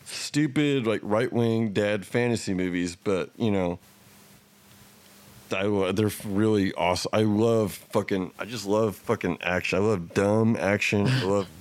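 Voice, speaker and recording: A podcast co-host with a fairly low voice talks movies in a loose, enthusiastic ramble. He swears freely and keeps looping back on himself. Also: measured pace. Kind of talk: casual chat.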